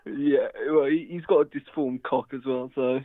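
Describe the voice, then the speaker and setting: A man's voice: mid-range voice, fairly even intonation, normal speed, no echo. A man calling into a show, chatting in a blunt, teasing and crude way. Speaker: caller. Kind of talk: casual phone chat. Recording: tinny phone line.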